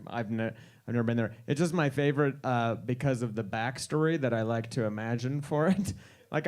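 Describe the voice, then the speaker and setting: A man's voice: mid-range voice, darkish tone. A man in his thirties doing a stand-up comedy set on a live stage, wry and incredulous, slipping into quoted voices.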